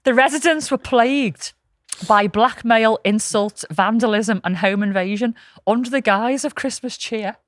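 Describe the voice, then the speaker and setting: A woman's voice: fairly high pitch, unhurried, no echo, clean studio sound. A woman, co-hosting a casual podcast and telling anecdotes with plenty of swearing. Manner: swearing, storytelling, lively anecdotes. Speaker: podcast co-host.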